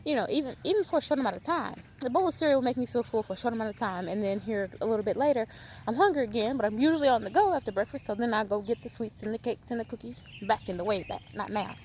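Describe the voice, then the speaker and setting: A woman's voice: on the high side, expressive, rapid-fire, a little mellow, a little hiss or hum. A woman talking straight to the camera in an emphatic, scolding way, firing rhetorical questions at her viewers in a vlog. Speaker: video host. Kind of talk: animated lecturing vlog.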